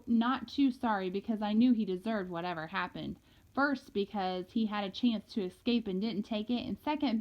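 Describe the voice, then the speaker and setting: Brief: woman audiobook reader, mid-pitched, lively and casual first-person telling, dull lo-fi sound. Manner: lively storytelling, a boy's casual voice. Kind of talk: first-person novel reading. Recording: dull lo-fi recording.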